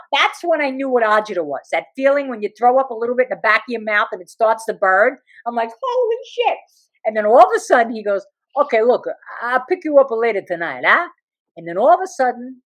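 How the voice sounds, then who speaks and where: Animated New woman telling stories. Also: a little high, fast talker, hardly any pauses. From New Jersey. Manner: animated, laughing, brash. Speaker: guest storyteller. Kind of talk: comic storytelling in an interview.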